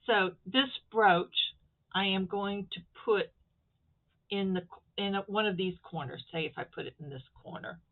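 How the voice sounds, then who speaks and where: A woman's voice: medium pitch, normal speed. A woman from Florida chatting casually to her viewers as she shows off a sewing project, rambling and stopping to handle the fabric. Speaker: crafting vlogger. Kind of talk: casual craft show-and-tell. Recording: tinny phone-quality audio.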